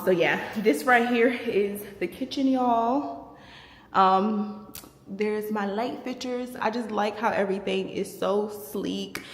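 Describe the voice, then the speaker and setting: A young woman giving a chatty apartment tour, talking straight to her viewers. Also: medium pitch. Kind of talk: casual chat to camera. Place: large empty apartment, indoors. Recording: echoey empty rooms, faint background noise.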